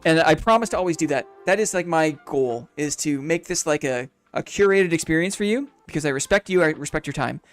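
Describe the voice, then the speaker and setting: A man's voice: on the high side, animated, a little fast, few pauses, soft background music. A man chatting casually on a live game stream, upbeat and reflective, rambling through his thoughts in a friendly way.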